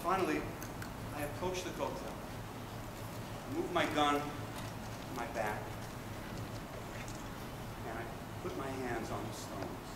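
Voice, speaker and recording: A man playing an Israeli paratrooper telling a moving battle memory in a dramatic first-person monologue, earnest and swinging between loud urgency and hushed emotion. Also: medium pitch, expressive, a little slow, long pauses, very noisy, lightly acted. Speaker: stage performer. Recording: echoey hall from far off.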